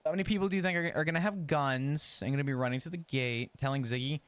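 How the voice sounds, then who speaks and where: A man's voice: on the high side, fast, fairly bright tone, clear, resonant tone, no echo. Profane, ranting man in roleplay. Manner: profane, ranting, laughs often. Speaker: streamer role-playing his character. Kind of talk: in-character roleplay chat.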